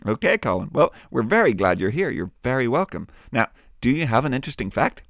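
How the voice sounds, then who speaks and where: A man hosting a children's Bible podcast, with a warm, teacherly and lively way of talking. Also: medium pitch, brisk, no room sound, clean studio sound. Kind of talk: friendly kids' Bible podcast.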